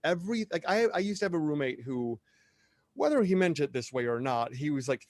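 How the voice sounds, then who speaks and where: A man's voice: on the high side, fairly quick, dry recording. Tangent-prone chatty middle-aged man. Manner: rambling, animated, wanders off on tangents. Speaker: podcast guest, drag performer. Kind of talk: casual podcast conversation.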